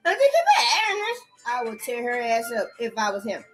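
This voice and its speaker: A woman in a rambling, profane rant, repeating curses and jumping between loud outbursts and low mutters. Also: wildly swooping pitch, a little fast, faint music behind. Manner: erratic, repetitive, swearing constantly, swinging between shouts and mutters. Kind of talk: profane stream-of-consciousness rant.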